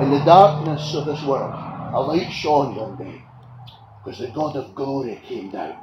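A man preaching a sermon with passion, swinging between loud declarations and quiet asides. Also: medium pitch, measured pace. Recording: echoey room with faint ambient noise.

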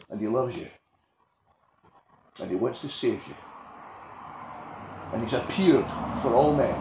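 A man preaching a sermon with passion, swinging between loud declarations and quiet asides. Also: on the high side. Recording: echoey room with faint ambient noise.

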